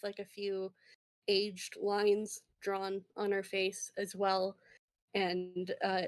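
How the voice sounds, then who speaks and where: Slow, meandering game master woman. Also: medium pitch. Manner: meandering, full of fillers. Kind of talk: narrating a tabletop game.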